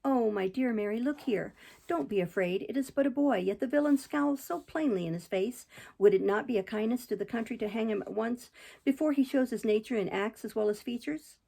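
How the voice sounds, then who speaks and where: A pompous, harsh old magistrate blustering with indignation, read by a woman in her own voice. The tone is low, dark and gravelly, with a husky roughness. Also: a little fast. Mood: indignant.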